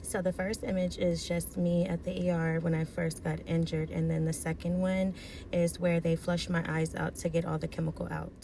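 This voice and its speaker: Low, gravelly-voiced young woman. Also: darkish tone. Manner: earnest, halting, reflective. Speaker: vlogger sharing her story. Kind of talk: personal faith testimony.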